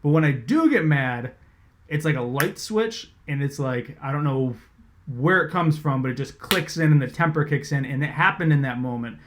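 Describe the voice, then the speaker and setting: Animated man telling a story. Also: a little high, moderate pace, a little hiss or hum. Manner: animated, conversational, swears freely. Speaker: sports reporter. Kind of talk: casual storytelling.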